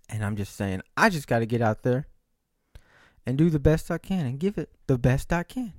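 Animated, profane man ranting to camera. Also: fairly high pitch, moderate pace, dry recording, clean studio sound. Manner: rambling, profane and emphatic, with frequent "right?" asides. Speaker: vlogger. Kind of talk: casual monologue to camera.

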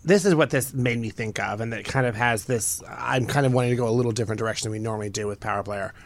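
A man hosting a podcast in casual chat, talking in an animated, playful way. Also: mid-range voice, quick pace, vocal fry, slight background noise. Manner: chatty, animated, playful storytelling. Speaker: podcast host.

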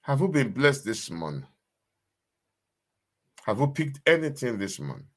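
A man's voice: mid-range voice, very animated, unhurried, fairly bright tone. A man, preaching a sermon as a pastor in an emphatic, repetitive style that keeps asking the listeners if they understand. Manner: emphatic, repetitive preaching with call-and-response questions.

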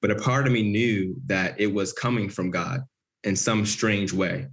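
A man's voice: fairly low pitch, a little slow. A man as an interview guest, telling a personal story in an earnest, vivid way.

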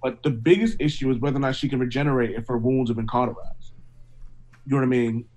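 A man's voice: mid-range voice, quick pace, darkish tone, rough recording. Male co-host, conversational, rambling opinion-giver with frequent fillers. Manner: rambling, lots of "like" and "you know what I mean". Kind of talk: casual discussion.

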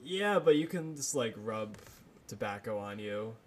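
Relaxed man, faint background hiss. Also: medium pitch, unhurried. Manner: relaxed, blunt opinions. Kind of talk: casual movie chat.

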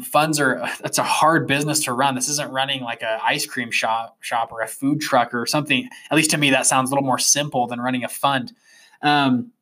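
Bright-voiced young man telling a story. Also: medium pitch. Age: 20s. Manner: animated, rambling with fillers and restarts. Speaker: podcast host. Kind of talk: casual motivational storytelling monologue.

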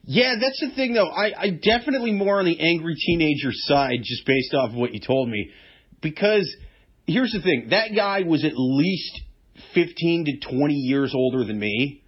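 A man's voice: fairly high pitch, expressive, normal speed, breathy edge, muffled recording. A man in his mid thirties, talking casually and profanely, with a lot of emphasis. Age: 30s. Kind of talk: casual chat.

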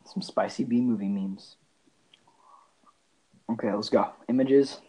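A man's voice: on the low side, mellow, breathy edge, poor audio. A man co-hosting a casual comedy podcast, quizzing his co-host with stammering restarts. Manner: quizzing, stammering, quick to laugh.

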